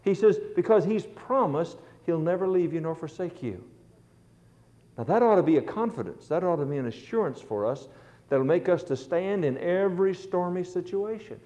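A man's voice: high-pitched, lively intonation, normal speed, warm tone. A middle-aged man preaching a sermon, telling stories with earnest, rising emphasis. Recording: dull lo-fi recording.

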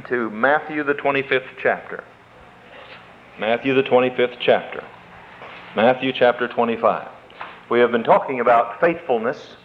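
Man preaching over a tinny line. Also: on the high side. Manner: preaching with drawn-out emphatic words and rising fervor. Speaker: pastor. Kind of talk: sermon. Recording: tinny phone-like sound.

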